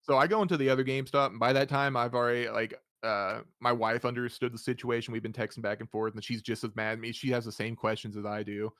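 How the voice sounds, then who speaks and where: A man hosting a casual podcast chat, telling a story in a lively way. He acts out both sides of the conversation, laughs often and swears freely. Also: medium pitch, fast talker, hardly any pauses, dry recording, studio quality. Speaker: podcast host.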